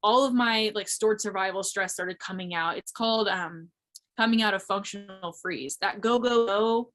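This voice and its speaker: Woman, 30s, from Missouri; interview guest, reflective and chatty, middle pitch. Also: moderate pace, a bit bright. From Missouri, USA. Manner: reflective, frequent "like" fillers, light laughs. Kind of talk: casual interview talk. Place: remote audio interview.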